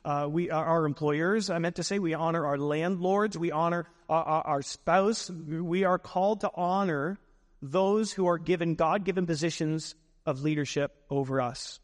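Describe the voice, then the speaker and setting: A man's voice: fairly high pitch, normal speed, big-room sound. A man preaching a sermon as a pastor, emphatic, repeating phrases for weight.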